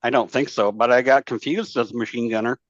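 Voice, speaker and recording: A man's voice: mid-range voice, steady tone, fast talker, no room sound. Profane rambling man, dull dry audio. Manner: rambling, profane, many fillers and restarts. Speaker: podcast guest, former Marine. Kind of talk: casual storytelling chat.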